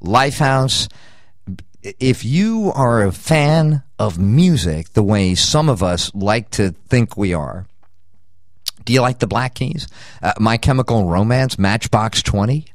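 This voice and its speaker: A man's voice: mid-range voice, lively intonation, slow, dry recording, clean studio sound. Rambling jokey older male radio host. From United States. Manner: rambling, jokey, riffs on lists. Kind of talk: rambling promo read.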